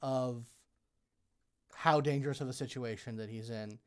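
Game master, tabletop narration, halting, lots of fillers, mid pitch. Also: steady tone, clear, resonant tone.

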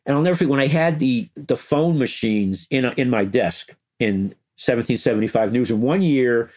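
Older man telling animated stories. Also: mid-range voice, normal speed. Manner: animated, chuckling storyteller who breaks into quoted voices. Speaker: interview guest, former music news editor. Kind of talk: anecdotal interview storytelling.

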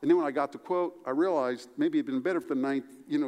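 Male pastor, sermon, animated, fairly high voice, reverberant church room. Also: quick pace. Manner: animated preaching, voice rising high for emphasis and dropping low and soft.

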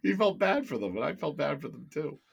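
Animated, laughing man. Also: a little high, fairly quick, vocal fry, breathy edge. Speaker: podcast co-host. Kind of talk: casual chat.

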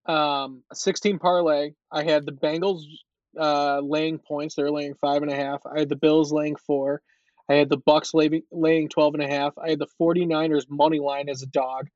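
A man hosting a casual sports podcast, animated and chatty with lots of fillers. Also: a little high, moderate pace, no echo, muffled recording.

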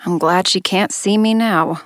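A woman's voice: mid-range voice, a little slow, dry recording, clean studio sound, lightly acted. An actress playing a battered, hungover young woman with a stuffed-up nose, curt and irritable. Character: battered, hungover young woman security operative, bitter and numb.

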